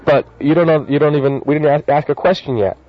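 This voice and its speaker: A man's voice: a little high, steady tone, quick pace. A man hosting a radio show, running a ticket giveaway in loose, chatty banter that stumbles over words. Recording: slightly lo-fi radio audio.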